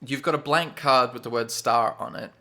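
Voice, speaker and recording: At a normal speed, a man running a tabletop game goes back over earlier scenes. His mid-range voice is bright and forceful, and his relaxed, casual delivery leans heavily on fillers.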